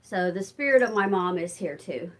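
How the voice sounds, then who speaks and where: A woman's voice: lowish voice, animated, normal speed. An older woman chatting casually on a live stream while doing chores at home and reading out viewer comments. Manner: chatty, warm toward her cats, answers viewer comments. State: winded from walking. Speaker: vlogger. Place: her home, moving between rooms.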